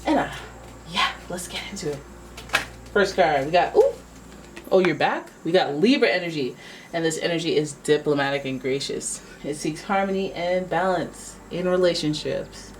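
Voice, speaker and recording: A woman's voice: low voice, expressive, normal speed, distant mic, slight background noise, poor audio. A woman giving a casual, playful tarot reading, chatting and exclaiming as each card comes up. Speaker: tarot reader.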